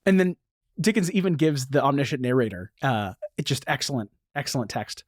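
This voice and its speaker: Man, podcast host, enthusiastic, reads passages aloud, mid-pitched, dry close sound. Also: lively intonation, a little fast, no room sound. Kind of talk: casual podcast chat.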